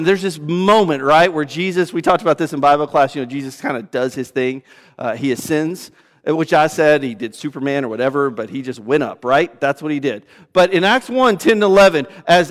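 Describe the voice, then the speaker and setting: Man, pastor, sermon, high voice, swings from loud to hushed, hall reverb. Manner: animated preaching, swinging from loud emphasis to hushed low lines.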